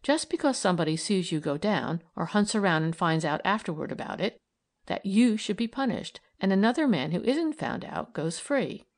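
A woman's voice: on the low side, big pitch swings, normal speed, gravelly. A woman reading aloud and voicing an earnest, idealistic young woman who argues eagerly and persuasively.

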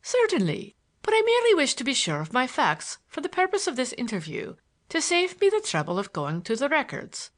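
A woman reading an audiobook, voicing a calm, grave male Irish barrister who speaks slowly and politely. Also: high-pitched, voice pushed up, heavily acted. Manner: slow, polite, deliberate.

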